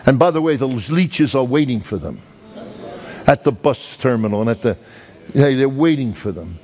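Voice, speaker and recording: A man's voice: mid-range voice, animated, normal speed, darkish tone. A man preaching as an evangelist, telling a story in a folksy, emphatic way with many restarts and repeated words. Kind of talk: storytelling sermon.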